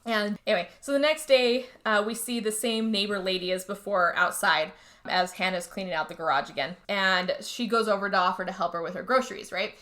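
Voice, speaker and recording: A woman casually retelling a movie plot on a podcast, chatty and animated, jumping into higher voices for the characters. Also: a little fast. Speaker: podcast co-host. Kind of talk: casual movie recap chat.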